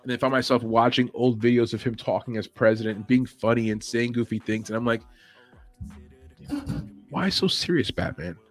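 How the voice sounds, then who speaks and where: A man's voice: mid-range voice, little pitch movement, quick pace, hardly any pauses, soft background music. Rambling opinionated man hosting a podcast. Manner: rambling, opinionated, chuckles often. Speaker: podcast host. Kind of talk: casual opinion chat.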